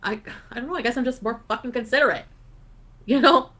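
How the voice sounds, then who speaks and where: A woman's voice: a little high, fast talker, sharp tone. A woman in a played clip ranting on a livestream, profane and rambling. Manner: profane, rambling, laughing between lines. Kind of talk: casual livestream rant.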